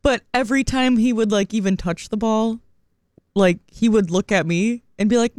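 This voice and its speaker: A woman in her thirties co-hosting a morning radio show, telling a story in an animated way and laughing often. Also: on the high side, brisk, dry recording, clean studio sound. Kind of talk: casual radio chat.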